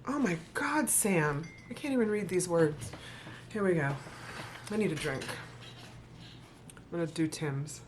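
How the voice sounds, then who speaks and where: A woman with a lowish voice reads a rhyming children's book aloud to camera. She stops often for dry, joking asides, then picks the story back up. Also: animated, a little slow, pauses often, a little hiss or hum. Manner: sarcastic, playful commentary between read lines. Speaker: vlogger reading a children's book.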